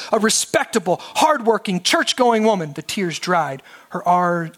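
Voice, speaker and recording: Man teacher with a high voice, reads a story aloud in an expressive, dramatic way. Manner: expressive, rising to dramatic emphasis. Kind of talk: lecture with dramatic reading aloud.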